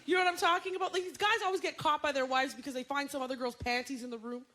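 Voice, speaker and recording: A woman comedian performing a stand-up set on a club stage, animated and jumping into shrill impressions. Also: very fast, a little hiss or hum. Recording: loud audience laughter and room ambience.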